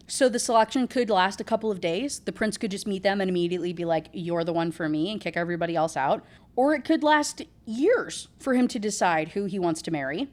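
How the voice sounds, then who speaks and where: Chatty woman recapping a book. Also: medium pitch. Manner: chatty, rambling, full of "like"; sarcastic asides. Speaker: book reviewer. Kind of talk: casual book recap chat.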